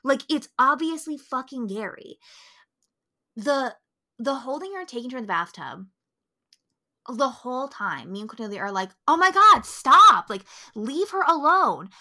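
A woman's voice: high voice, sing-song, normal speed, sharp tone. A woman co-hosting a film podcast, ranting emphatically with lots of swearing. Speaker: podcast co-host. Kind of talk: casual film review chat.

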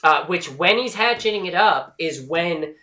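A man co-hosting a casual film chat, enthusiastic and quick to chime in. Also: high-pitched, animated, bright, forceful tone. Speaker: podcast co-host. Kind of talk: casual movie recap chat.

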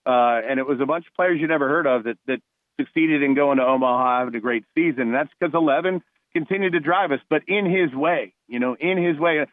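A man's voice: a little high, fairly quick, dry recording. A man from New Jersey calling into a radio show as a guest, telling heartfelt, rambling stories with many restarts. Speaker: guest, retired police officer and former college ballplayer. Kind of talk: phone-in radio interview. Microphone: phone. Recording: tinny phone line, dry.

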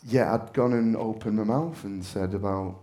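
Guesting on a casual interview, this middle-aged Manchester-accented actor from England spins self-mocking anecdotes punctuated by frequent laughter. He speaks at normal speed in a lowish, mellow voice.

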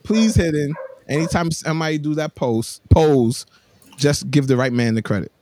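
A man co-hosting a casual podcast, animated and loose, swearing and repeating himself as he talks. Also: on the high side, moderate pace, slight background noise. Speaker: podcast co-host. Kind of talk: casual chat.

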